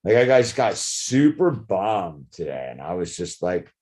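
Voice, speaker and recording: Talking to camera, this middle-aged vlogger wanders from point to point and leans heavily on "dude" and "like." He sounds very animated despite a measured pace, with a low-pitched voice and darkish tone.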